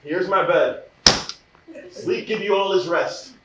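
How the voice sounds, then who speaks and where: A man's voice: high voice, slow, heavy background noise. An actor playing an ardent, impulsive young male lover, declaiming verse on a live stage. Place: theater stage. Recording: echoey stage, recorded from far off.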